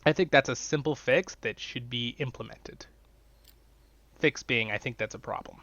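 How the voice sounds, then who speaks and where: A man casually commentating his strategy gameplay, chatty and excitable, talking straight to his viewers. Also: mid-range voice, moderate pace, no room sound. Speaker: gaming channel host. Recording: dull lo-fi sound with faint music.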